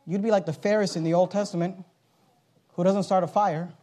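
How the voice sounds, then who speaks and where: A man preaching a sermon, reading scripture aloud and swinging from quiet asides to loud, slowed-down emphasis. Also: high voice, fairly even intonation. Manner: reads King James scripture aloud, slowing for emphasis.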